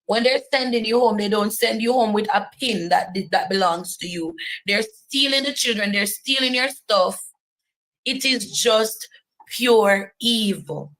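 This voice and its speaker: A woman's voice: medium pitch, moderate pace, fairly bright tone, rough recording. A woman giving earnest personal testimony, driving points home by repeating phrases.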